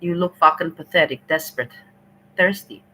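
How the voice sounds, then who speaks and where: A woman's voice: deep voice, moderate pace, bright, forceful tone, poor audio. A woman hosting a livestream, ranting indignantly and scolding someone over and over. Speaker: livestream host.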